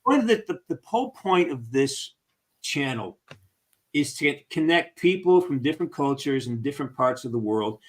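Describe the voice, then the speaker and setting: A man's voice: medium pitch, sing-song, normal speed. Upbeat man chatting with fans on a call. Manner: upbeat, encouraging, rambling. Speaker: actor hosting a fan Q&A. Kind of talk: casual live-stream chat.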